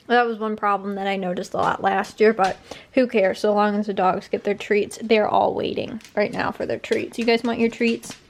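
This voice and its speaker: A woman's voice: mid-range voice, a little hiss or hum. A young woman chatting casually in a home vlog, rambling with lots of fillers and repeats. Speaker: vlogger. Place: home at night.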